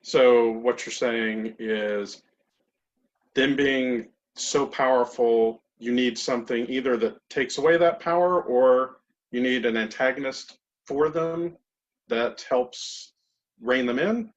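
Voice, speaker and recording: A man moderating a panel over a video call, putting his questions together in halting pieces. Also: mid-range voice. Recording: dull lo-fi video call audio.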